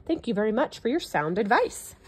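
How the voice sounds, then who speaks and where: A polite little storybook elephant, voiced by a woman reading aloud, speaks earnestly and a bit anxiously. His lines are gentle and sincere. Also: a little high, big pitch swings, fairly quick, a little hiss or hum.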